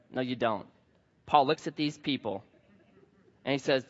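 A man's voice: fairly high pitch, a little slow, pauses often. A man in his thirties preaching a sermon, telling stories and acting out the voices of the people in them. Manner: animated storytelling, acts out voices. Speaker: pastor. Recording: dull sound with long hall reverb.

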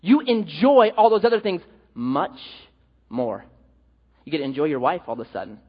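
A man's voice: a little high, big pitch swings, moderate pace, breathy edge. A male pastor preaching a sermon, telling stories animatedly with jokes, in an echoey hall with dull sound.

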